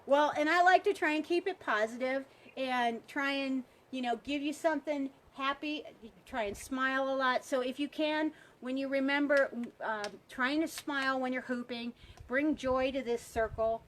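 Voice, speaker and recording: A woman's voice: high-pitched, normal speed, a bit bright. A woman teaching a live hula hoop workshop outdoors by a pond, chatty and encouraging.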